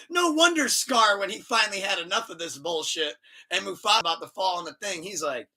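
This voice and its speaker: A bright, forceful male voice pitched a bit high, hosting a casual podcast. He tells stories with animated energy and profanity, and laughs often. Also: moderate pace. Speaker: podcast host.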